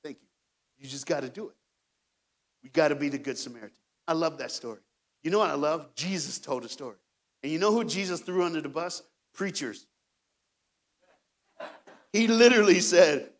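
Animated preacher telling stories. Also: male voice, a little high, moderate pace. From Knoxville, Tennessee. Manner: animated, swings from hushed to shouting. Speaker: guest speaker. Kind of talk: storytelling sermon.

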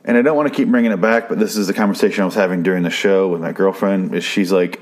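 A man's voice: low voice, quick pace. A man casually recapping a TV episode, rambling and swearing freely with frequent restarts.

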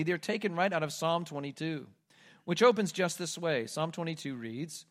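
A man preaching a sermon, reading scripture aloud and moving between loud, pleading cries and hushed, quiet lines. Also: fairly high pitch, a little fast. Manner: reads scripture aloud with emphasis. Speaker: pastor.

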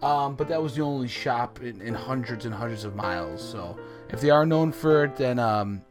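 An American man co-hosting a deadpan comedy chat, rambling with halting restarts. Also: medium pitch, over music. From United States. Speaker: co-host.

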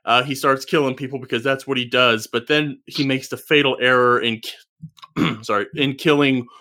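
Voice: medium pitch, steady tone, normal speed, pushed and bright. A speaker in a casual comedy chat, earnestly retelling a movie plot between giggles. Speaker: improv participant.

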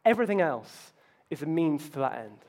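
A man's voice: fairly high pitch, big pitch swings, moderate pace, darkish tone. A man preaching a sermon, telling self-mocking stories with playful asides. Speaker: pastor.

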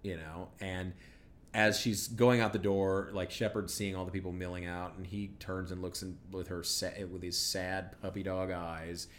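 A man's voice: low voice, flat delivery, normal speed, slight background noise. A man co-hosting a podcast, recapping a TV episode in rambling, sardonic casual chat full of fillers. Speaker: podcast co-host.

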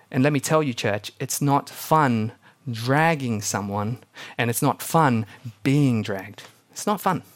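A young man preaching a sermon to his church, telling stories with animated energy and acting out the people he quotes. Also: medium pitch. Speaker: pastor.

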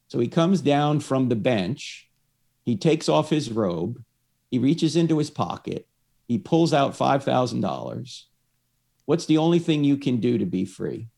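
A man's voice: medium pitch, very animated, measured pace, vocal fry, a little mellow. A man explaining his faith to one listener through a story, acting out the lines of the people in it. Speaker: evangelist.

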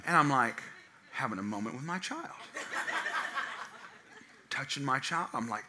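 A young man preaching a sermon, telling a personal story and swinging between loud acted quotes and hushed tones. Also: medium pitch, animated, moderate pace, long pauses, a little hiss or hum. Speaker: pastor.

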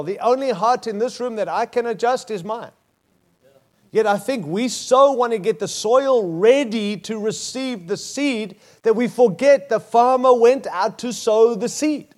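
A man with an Australian accent preaches in a high voice. He is emphatic and drives his points home with short, repeated phrases. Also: expressive, unhurried. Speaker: pastor. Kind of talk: sermon.

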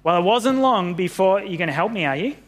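A man reading a Bible story aloud to children in an animated, friendly way. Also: sits high, brisk. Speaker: pastor.

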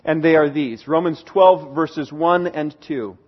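A man preaching a sermon, earnest and pleading, slowing down and repeating phrases for emphasis. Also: on the high side, fairly even intonation, dull audio. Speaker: pastor.

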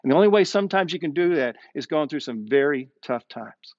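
A man's voice: no room sound, dull audio. Male pastor preaching a dramatic sermon. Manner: expressive preaching, slows down and drops low for emphasis. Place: streamed sermon with online chat.

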